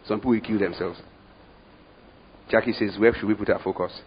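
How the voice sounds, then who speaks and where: A man with a Nigerian accent preaching a sermon, moving from hushed asides to loud, slow, emphatic lines. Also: fairly low pitch, steady tone, slightly rough. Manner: dramatic swings from hushed to loud, slow emphatic scripture reading. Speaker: pastor. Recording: dull lo-fi sermon recording.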